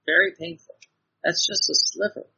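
A man's voice: high voice, steady tone, moderate pace, gravelly, pushed and bright, husky. A man giving an earnest devotional sermon, exhorting his listeners with repeated phrases and frequent restarts, heard on a dull lo-fi recording. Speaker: preacher.

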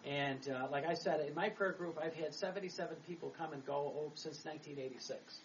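A middle-aged Catholic priest gives a chatty, rambling homily full of laughs and restarts, speaking briskly in a slightly high voice. He's recorded from a distant mic, so the sound is dull, with faint background noise.

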